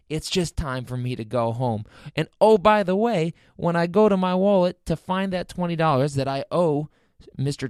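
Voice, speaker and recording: A man hosting a podcast, telling a comic personal story in an animated, incredulous, self-mocking way. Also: on the high side, no echo, studio quality. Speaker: podcast host.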